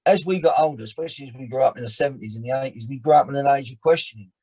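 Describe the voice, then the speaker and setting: A man, chatting as a guest on a podcast, animated and often restarting his sentences. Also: mid-range voice, racing, husky. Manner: animated, frequent restarts and repeated words. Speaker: actor and filmmaker guest. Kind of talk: casual podcast chat.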